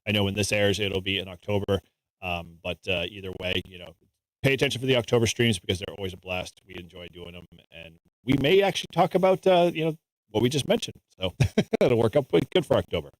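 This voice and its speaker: Relaxed, chatty podcast host, dry sound. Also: male voice, fairly low pitch, quick pace, dry recording, low-quality recording. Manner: relaxed, laughs often, many fillers. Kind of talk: casual chat.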